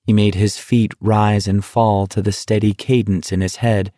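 A man reading an audiobook in steady, measured scripted narration. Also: on the low side, no echo, clean studio sound.

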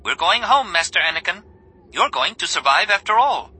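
A man voicing a fussy, excitable little male droid in a prim, shrill chatter for an audiobook, with music underneath. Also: moderate pace, breathy edge, heavily acted. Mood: chirpy. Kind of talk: audiobook character voice.

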